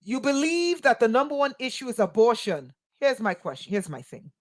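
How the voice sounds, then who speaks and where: A woman's voice: a little high, very animated, a little fast. A woman, a spiritual teacher delivering an impassioned monologue full of rhetorical questions and sarcastic asides.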